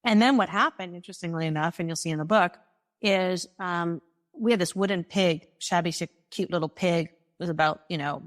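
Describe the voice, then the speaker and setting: Speaking briskly in a lowish voice, a woman guest recounts a personal story during a conversation. She's animated, performs the dialogue she describes, and laughs a lot.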